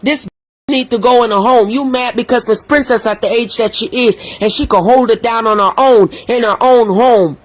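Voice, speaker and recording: A woman's voice: a little high, moderate pace. Woman, livestream rant, heated, cursing, scolding. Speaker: social media commentator.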